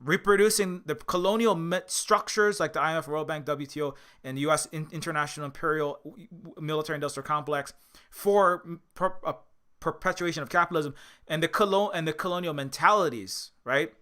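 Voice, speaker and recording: A man's voice: fairly high pitch, a little fast, sharp tone. A man giving casual spoken commentary as a video essayist, impassioned and rambling, with frequent restarts and filler words.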